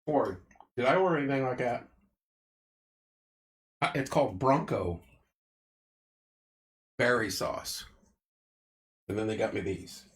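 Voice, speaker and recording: A man's voice: mid-range voice, animated, takes it slowly, long pauses. Guy on a casual livestream munching food and chatting, voice bouncing up and down a lot. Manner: chatty, eats while talking, greets viewers by name. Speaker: livestream host. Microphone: clip-on mic.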